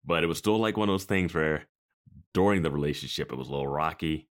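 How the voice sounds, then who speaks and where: Really deep-voiced podcast guy, laid-back chat, thinks out loud. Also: fast. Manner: conversational, thinks aloud with restarts. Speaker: podcast co-host. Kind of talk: casual chat.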